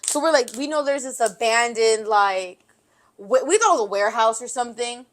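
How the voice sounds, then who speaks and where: A young adult woman co-hosting a podcast, telling childhood stories in an animated way, swearing freely and acting out the voices of the people in them. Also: a little high, a little fast. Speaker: podcast co-host. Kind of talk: casual storytelling chat.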